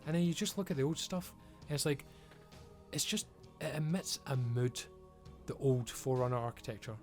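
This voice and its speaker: A man's voice: fairly high pitch, moderate pace, faint music behind. A man giving an emphatic, frustrated rant as a video creator, swearing often. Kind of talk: ranting commentary.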